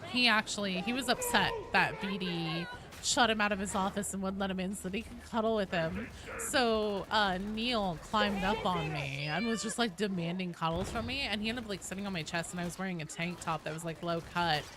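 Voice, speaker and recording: A woman's voice: mid-range voice, a little fast. Chatty woman streamer over noisy background. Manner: chatty, rambling, many restarts and fillers. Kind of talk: casual chat with stream viewers. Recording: clear background noise.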